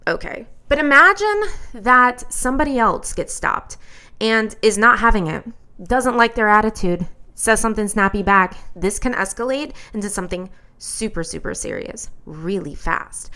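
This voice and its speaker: A woman host telling a personal story as commentary, in an animated, blunt and exasperated way. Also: mid-range voice, normal speed, clean tone.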